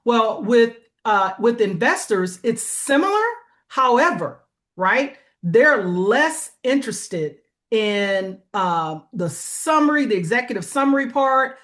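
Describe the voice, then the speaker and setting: A woman's voice: on the high side, expressive, takes it slowly, a bit bright. A woman as an interview guest, explaining business funding plainly and checking in with "right?". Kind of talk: conversational interview.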